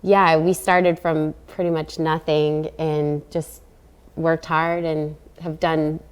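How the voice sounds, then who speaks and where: A woman's voice: deep voice, little pitch movement, slow pace, clear, resonant tone. A woman in her thirties, an athlete, speaking steadily and reflectively as an interview guest. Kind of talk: casual interview talk.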